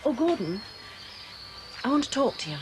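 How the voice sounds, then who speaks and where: A woman's voice: high-pitched, sing-song, moderate pace, noisy background. A refined, anxious middle-aged mother. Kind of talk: soap opera acting.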